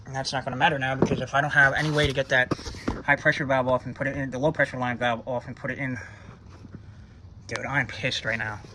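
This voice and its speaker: Working on his car in his home driveway, a male car vlogger thinks aloud and swears freely in a casual DIY repair video. He speaks fast with a flat delivery at medium pitch, and background noise is audible.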